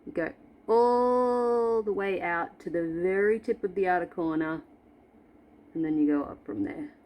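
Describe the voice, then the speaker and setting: Filmed on a camera in front of her, a woman in her forties who vlogs about makeup chats through a tutorial at home, playful and self-deprecating. Her voice is on the low side, unhurried and a little mellow, with a slight hiss or hum.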